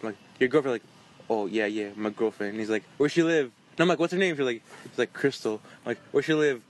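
A man's voice: medium pitch, fast talker. A man co-hosting a casual podcast, telling laid-back anecdotes with casual swearing. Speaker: podcast co-host. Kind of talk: casual chat.

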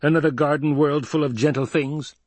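A man voicing a proud male emperor who barks indignant, raised outbursts, slightly husky. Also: a little high, expressive, normal speed, no room sound, pitched above the performer's own voice. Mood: sneering. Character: proud deposed male emperor, furious and haughty.

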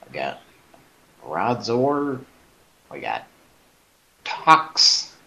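Deep, slow-talking male stream host. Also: huge pitch swings, gravelly, pushed and bright, a little hiss or hum, rough recording. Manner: rambling, hesitant, self-mocking. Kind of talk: casual chat.

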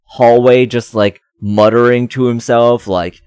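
A man's voice: medium pitch, expressive, normal speed, a little mellow, no echo. A man co-hosting a casual podcast chat, rambling with many fillers and restarts. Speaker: podcast co-host.

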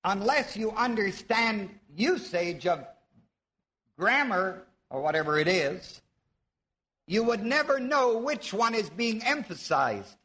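A man preaching to a live congregation with a high, bright voice that swoops up and down a lot. He teaches at an unhurried pace, quizzing his listeners and leaning hard on key words. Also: big pitch swings. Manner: teaching, asks the audience questions, stresses words slowly. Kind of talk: sermon. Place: church before a live audience.

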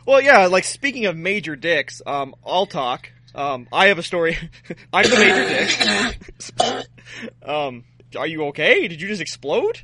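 A man's voice: high voice, sing-song, unhurried, bright, forceful tone. A man co-hosting a podcast, teasing and joking crudely in casual banter. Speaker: podcast co-host.

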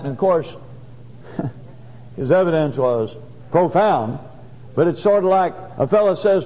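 Man, preacher, sermon, folksy and halting, high voice, dull lo-fi church recording, long reverb. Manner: folksy, halting, many restarts. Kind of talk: sermon with scripture reading.

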